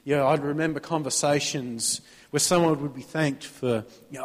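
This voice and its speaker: A male Australian pastor delivers his sermon in an easy, conversational way, pitched a little high for a man, and keeps inviting the congregation to call back amen. His throat is sore. The sound carries a long church-hall reverb. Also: fairly even intonation, moderate pace. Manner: conversational preaching, prompting the congregation to answer amen.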